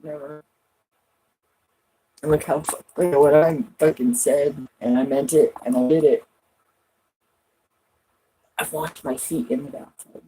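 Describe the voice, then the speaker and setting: A woman's voice: low-pitched, fairly even intonation, moderate pace, long pauses, warm tone, slight background noise, poor audio. A woman vlogging from home in casual rambling chat, swearing a lot and laughing often.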